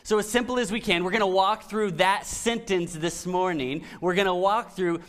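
A middle-aged man preaching a conversational sermon, often dropping to soft, emphatic lines. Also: high-pitched, moderate pace, hardly any pauses. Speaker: pastor.

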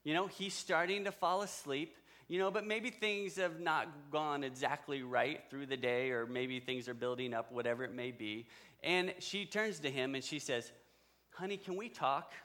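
A man's voice: a little high, moderate pace, bright, forceful tone. A man preaching a sermon, retelling a story in a conversational way and speaking directly to the men in his audience. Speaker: pastor.

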